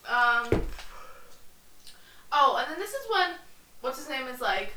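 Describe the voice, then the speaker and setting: A woman's voice: high voice, big pitch swings, slow pace, pauses often, sharp tone. A young woman co-hosting a podcast in casual chat, rambling and swearing as she trails off into quoted lines. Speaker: podcast co-host. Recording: echoey room, mic a bit far off, faint noise.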